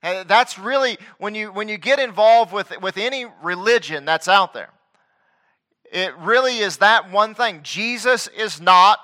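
High, bright-voiced emphatic preacher man. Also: lively intonation, moderate pace. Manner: emphatic preaching with swings between loud stresses and quiet asides; reads scripture aloud in King James wording. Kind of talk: sermon.

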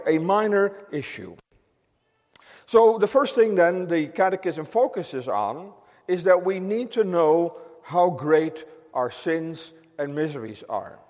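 A man with a notably high voice delivers an emphatic sermon to his congregation. He repeats phrases for weight, and his words ring out with a long reverb in the church hall. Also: darkish tone. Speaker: pastor.

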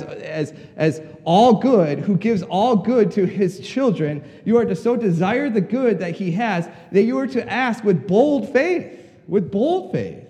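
A middle-aged male preacher delivers a sermon in a fairly high but mellow voice. He is earnest and repeats words as he searches for them, then climbs in pitch to drive a point home. The sound trails off into the long reverb of a large hall.

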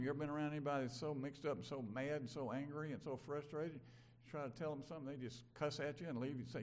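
An older pastor preaches in a loose, conversational way. His voice sits a little high, and he moves from loud, stressed points to quiet asides. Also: steady tone, quick pace. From Mississippi, USA. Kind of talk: sermon.

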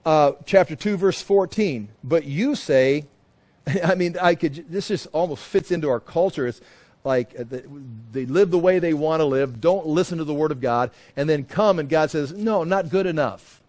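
A man with a somewhat raised pitch walks through a Bible passage verse by verse. He talks in a loose, conversational way, stumbling over and repeating words. He slips into different voices when he quotes people. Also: moderate pace, a little mellow. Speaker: Bible teacher.

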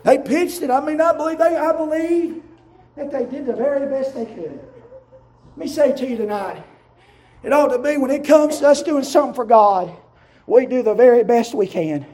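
A man preaching a sermon in a church, shouting in rising, chanted cadences. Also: very high-pitched, animated, moderate pace. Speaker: pastor. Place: church sanctuary. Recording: roomy church sound from a distant mic.

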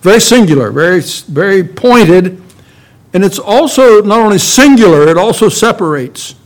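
A man preaching a sermon to his congregation, emphatic and deliberate, with many rhetorical questions. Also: high-pitched, expressive. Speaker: pastor.

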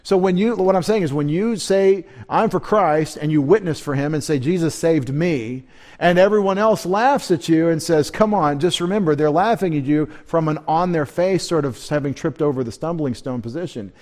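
A man's voice: fairly high pitch, a little fast, hardly any pauses, a little mellow. A man pastor giving a midweek Bible teaching sermon, conversational and rambling, with asides and restarts.

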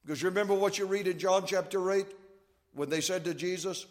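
In a hall with long reverb, a man whose voice is on the high side teaches a Bible class at a moderate pace. He works through the material step by step, going back over key points and making sure everyone keeps up.

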